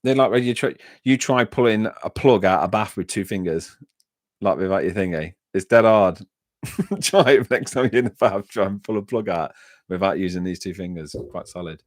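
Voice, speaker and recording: A deep-voiced man chats casually with his live-stream audience. He rambles through personal anecdotes and often trips over and restarts his sentences. The sound is close and dry, with no room echo. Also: normal speed. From England. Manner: chatty, rambling anecdotes with frequent self-restarts. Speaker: livestream host reading chat.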